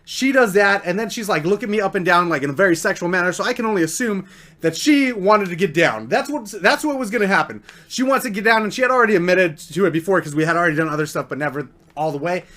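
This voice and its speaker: High-voiced young man telling a story. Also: quick pace. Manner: slangy, rambling, animated storytelling. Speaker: vlogger. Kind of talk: storytime vlog.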